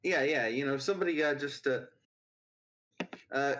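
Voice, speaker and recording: A man's voice: medium pitch, moderate pace, pauses often, a bit bright, low-quality recording. Rambling male game master. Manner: loose and rambling, full of fillers. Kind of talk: narrating a tabletop game.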